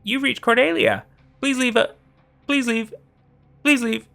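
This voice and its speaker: A man voicing an eerie voicemail greeting from a young woman, upbeat, with crispy vocal fry and glitching repetition. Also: very high voice, steady tone, unhurried, bright, forceful tone, soft background music, pitched above the performer's own voice, exaggerated voice. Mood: eerily upbeat. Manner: too upbeat, repeating like a glitch.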